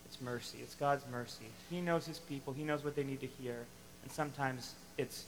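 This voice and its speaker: A man preaching a sermon to a congregation, animated and emphatic, acting out the lines he quotes. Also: mid-range voice, quick pace, big-room sound, a little hiss or hum, poor audio. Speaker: pastor.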